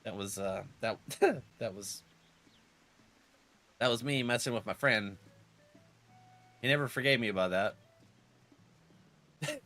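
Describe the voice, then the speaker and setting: A man's voice: medium pitch, takes it slowly, pauses often, a bit bright, soft background music. A man in his thirties with a cold, streaming a game and rambling through stories with frequent laughter. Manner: rambling storyteller, laughs often. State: has a cold. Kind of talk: casual gaming stream chat.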